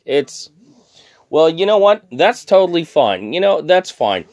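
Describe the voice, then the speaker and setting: A man's voice: a little high, sing-song, a little slow, darkish tone, no room sound, studio quality. Drunk man in a profane heated rant. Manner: heated, swearing, stammering restarts. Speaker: thrift shop worker.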